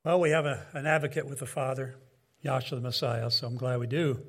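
A man preaching a sermon in an earnest, measured way, with casual asides to his listeners. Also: mid-range voice, fairly even intonation, gravelly, a bit bright.

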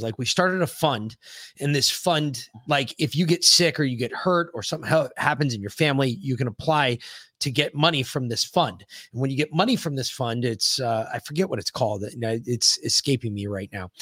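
A man's voice: medium pitch, expressive, normal speed, a bit bright, dry recording. A man co-hosting a podcast, telling a long casual story full of swearing, fillers and restarts. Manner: profane, rambling, full of fillers. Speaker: podcast co-host.

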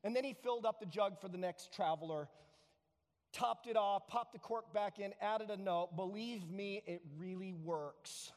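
A pastor giving a sermon, telling a story in an animated way and repeating words for effect. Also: male voice, high-pitched, moderate pace, big-room sound.

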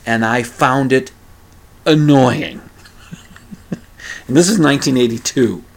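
A man's voice: mid-range voice, takes it slowly. A man in his fifties hosting a solo podcast, rambling and grumbling with self-deprecating asides and mild swearing. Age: 50s. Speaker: podcast host. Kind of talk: casual solo podcast monologue.

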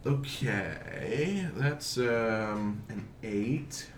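A man's voice: on the low side, extremely slow, roomy sound, background noise. A man playing a tabletop game, talking casually and hesitantly with many ums. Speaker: player.

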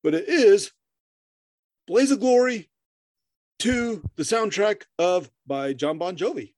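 A man's voice: sits high, lively intonation, slow pace, darkish tone, dry recording, clean studio sound. A middle-aged man co-hosting a podcast in casual chat, rambling, swearing freely, laughing often and stammering through restarts. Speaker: podcast co-host.

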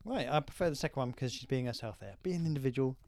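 A man's voice: mid-range voice, racing, a little mellow, no echo. A man co-hosting a casual podcast, full of jokey banter and dry quips. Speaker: podcast co-host. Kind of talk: casual chat.

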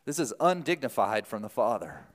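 A man preaching a sermon as a pastor, telling the story in an animated, lively way with quick asides. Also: fairly low pitch, in a large hall.

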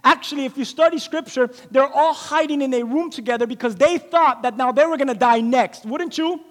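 A male preacher with a strikingly high voice delivers an emphatic sermon full of rhetorical questions and repeated phrases. His words ring out with a long reverb, as if in a large hall. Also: a little fast.

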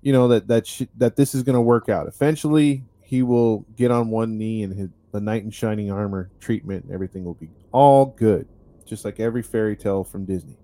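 A man's voice: on the low side, brisk, dark tone. A man hosting a podcast, telling a story in a rambling, wry way with many fillers. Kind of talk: casual storytelling chat.

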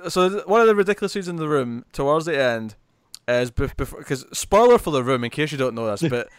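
A man's voice: fairly high pitch, lively intonation, fairly quick, clean tone, no room sound, studio quality. A man hosting a casual podcast chat about comics and movies, rambling and laughing often. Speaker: podcast host.

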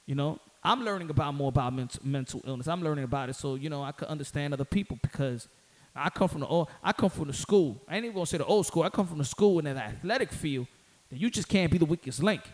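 Man, high voice, casual boxing commentary, slangy, emphatic, repeats himself, gets heated. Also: animated, fast, a little mellow.

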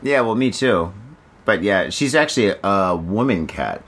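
A man's voice: fairly low pitch, animated, unhurried, fairly bright tone, breathy edge. A man hosting a podcast in loose, jokey casual chat, swearing freely. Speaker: podcast host.

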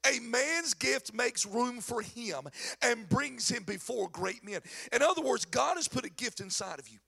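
A middle-aged man preaching a sermon in a church, telling stories with animated, shouted emphasis. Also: very high-pitched, a little slow, creaky, husky. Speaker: pastor.

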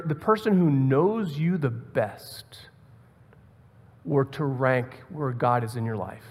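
A man's voice: a little high, husky, in a large hall. A man preaching a sermon in a conversational way, repeating words and asking the listeners rhetorical questions. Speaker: pastor.

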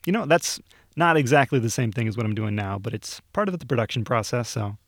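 A relaxed young man tells stories on a podcast, his voice mid-pitched and unhurried, dotted with "uh"s and small laughs. The sound is close and dry, with no room around it. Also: no echo. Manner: laid-back storytelling with frequent fillers and laughs. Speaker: video producer. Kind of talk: casual podcast chat. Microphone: studio microphone.

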